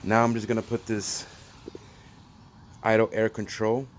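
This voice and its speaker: A man's voice: lowish voice, completely flat delivery, measured pace, a little hiss or hum. A young man rambling casually to viewers in a garage vlog, calling them guys. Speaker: car vlogger. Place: home garage workshop.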